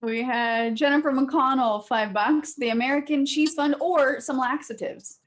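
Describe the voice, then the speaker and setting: Upbeat woman cohost reading tips off a list, kinda high voice. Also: unhurried. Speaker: co-host reading donations. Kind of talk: reading donation messages. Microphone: video call.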